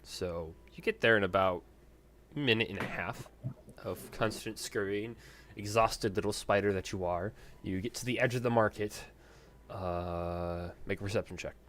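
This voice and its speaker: A man running a tabletop game as game master, narrating scenes vividly. His voice sits fairly low and rises in volume when the action heats up. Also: moderate pace, a bit bright, slight background noise.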